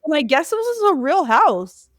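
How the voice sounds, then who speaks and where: A woman's voice: high voice, sing-song, normal speed, no echo, studio quality. A woman co-hosting a casual podcast, chatting loosely with many restarts and laughs. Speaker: podcast co-host.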